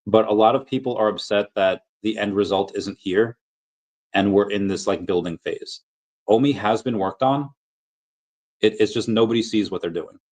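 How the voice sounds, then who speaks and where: Low-voiced man chatting on a livestream. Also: normal speed, a little mellow, rough recording. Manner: loose, rambling, lots of fillers and restarts; playful, drops into sung and silly voices reading comments. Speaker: livestream host reading chat. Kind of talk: casual livestream chat.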